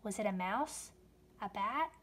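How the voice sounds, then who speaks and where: A woman reading a rhyming children's book aloud, with expressive storytelling delivery. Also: mid-range voice, measured pace, husky.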